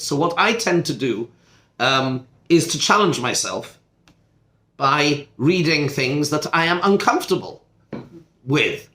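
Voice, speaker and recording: A man's voice: on the high side, big pitch swings, takes it slowly, sharp tone. A man, a rabbi teaching a study group, gives an informal classroom lecture. His talk is conversational, full of asides, rhetorical questions and restarts mid-sentence. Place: seminar classroom. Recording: echoey classroom.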